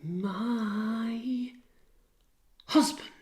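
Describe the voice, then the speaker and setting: A man doing a high, shrill outraged maidservant. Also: very slow, a little mellow, full character voice. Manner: high, cries out in alarm. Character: loyal, outraged female servant, middle-aged. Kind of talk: dramatic reading of a play.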